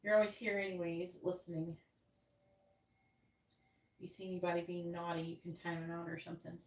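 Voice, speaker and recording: A woman's voice: on the low side, little pitch movement, a little fast, a little mellow. A woman from New York hosting a livestream as a tarot reader, chatting casually and rambling, often laughing. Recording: roomy sound, distant from the mic.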